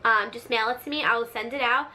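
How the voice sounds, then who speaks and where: A woman imitating her stern, fed-up mother, speaking firmly and deliberately. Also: fairly high pitch, fairly even intonation, bright, forceful tone. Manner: firm, deliberate, no-nonsense. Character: stern fed-up mother, firm and matter-of-fact.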